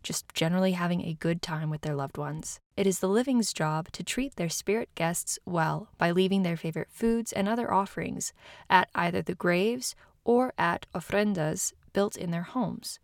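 A woman's voice: lowish voice, moderate pace, dry recording, studio quality. A woman hosting a podcast, reading a scripted narration with friendly, self-deprecating asides. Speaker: podcast host.

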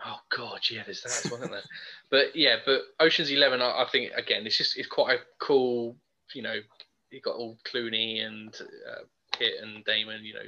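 A man's voice: mid-range voice, steady tone, moderate pace, sharp tone. A young man co-hosting a podcast, chatting casually and enthusiastically about films with many fillers. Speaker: podcast co-host. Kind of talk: casual film chat. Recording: dull lo-fi podcast audio.

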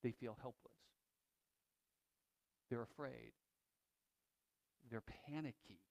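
A pastor with a gravelly, medium-pitched voice preaches slowly, retelling a story. He is animated and lively, swinging from loud to hushed and restarting often.

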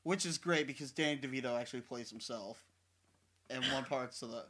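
A man's voice: medium pitch, a little fast, fairly bright tone. A young man co-hosting a casual podcast chat, playful and fond of quoting lines. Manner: playful, quotes film lines. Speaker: podcast co-host.

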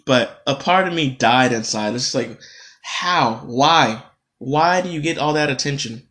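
A man's voice: mid-range voice, measured pace, fairly bright tone. A man hosting a solo podcast, ranting in a casual, profane, exasperated way. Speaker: podcast host.

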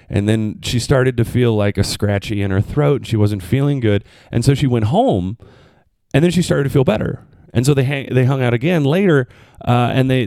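Man, podcast host, comedic rant, very animated pitch, dry close sound. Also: dry recording. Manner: animated, swooping into high mock voices. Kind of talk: comedic monologue.

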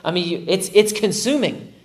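A man preaching from the pulpit with a voice that sits a little higher than most men's. He is animated and playful, and often voices his own inner thoughts with self-mocking humor. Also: normal speed. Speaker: pastor. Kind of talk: sermon.

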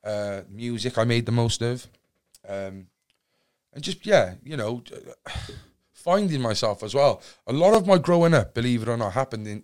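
A podcast guest from Cardiff, Wales, with a South Wales accent, tells stories in casual conversation, swearing freely and rambling through many restarts. His voice sits on the low side.

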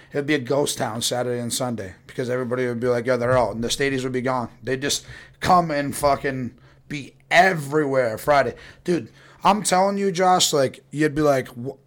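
A young man telling rowdy stories casually, swearing a lot and acting out the voices of people in them. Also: medium pitch. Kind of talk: casual storytelling.

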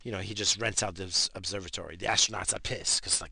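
A man's voice: lowish voice, fast talker, creaky, hardly any pauses, sharp tone, breathy edge, dry recording. A man hosting a casual talk show, ranting in a crude, rambling way and swearing constantly. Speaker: podcast host. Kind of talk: casual profane rant.

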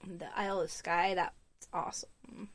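A woman's voice: fairly low pitch, steady tone, a little slow. A woman co-hosting a podcast in casual chat who sounds hesitant and thinks aloud. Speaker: podcast co-host.

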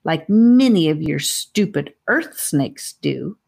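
A cruel female snake giggles and gloats over her prey in a low, slow, unhurried storybook voice, as a woman reads her. The menace is playful and savage at once. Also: big pitch swings, vocal fry, darkish tone, slightly rough, exaggerated voice. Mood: gloating. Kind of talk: audiobook character voice.

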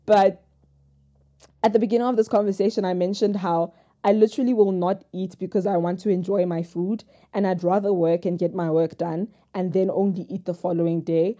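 A woman's voice: on the low side, fairly even intonation, fairly quick, mellow. A young woman talking frankly in a personal vlog, rambling from thought to thought with self-mocking humor. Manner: rambling, jumps between thoughts. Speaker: vlogger. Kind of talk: candid confessional vlog talk.

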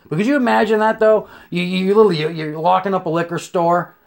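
Young man, fairly high voice, swears freely, rambles through a comic rant with restarts. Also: steady tone, fast talker, creaky. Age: young adult. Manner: profane, rambling, with stammered restarts and acted-out scenes. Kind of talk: comedic rant monologue.

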